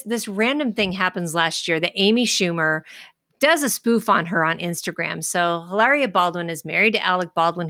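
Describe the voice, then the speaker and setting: A woman hosting a podcast, ranting in an animated, chatty way with quick asides. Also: lowish voice, no room sound, studio quality. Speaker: podcast host. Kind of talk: casual podcast chat.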